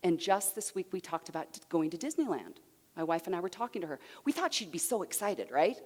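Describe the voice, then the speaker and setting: A woman giving a conference talk to men, lively and acting out the people she quotes. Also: fairly low pitch, brisk, husky. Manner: animated, acts out quoted voices. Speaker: seminar speaker. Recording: long hall reverb.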